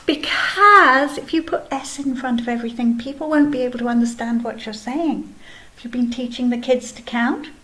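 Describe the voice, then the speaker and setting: High-voiced, patient kindergarten teacher. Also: female voice. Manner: patient, gently explaining, sing-song. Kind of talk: children's video lesson. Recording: echoey room, faint background ambience.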